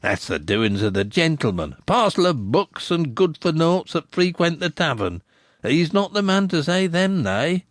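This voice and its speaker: Man doing a flattering village innkeeper. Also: a little high, normal speed, no room sound, clean studio sound, voice pushed up. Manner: smooth, teasing flattery.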